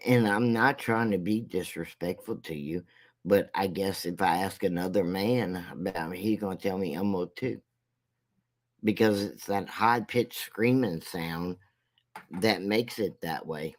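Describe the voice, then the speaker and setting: Slow, low-voiced man ranting. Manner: slow, rambling and mocking, with halting restarts. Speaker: commentary vlogger. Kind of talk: casual commentary rant.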